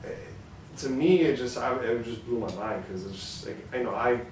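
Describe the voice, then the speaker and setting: A man co-hosts a podcast, asking questions, teasing his friend and telling lively stories in a mid-pitched voice. He sits away from the mic in a very echoey room with faint background hiss. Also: normal speed, recorded from a distance. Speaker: podcast co-host. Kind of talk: casual chat and storytelling.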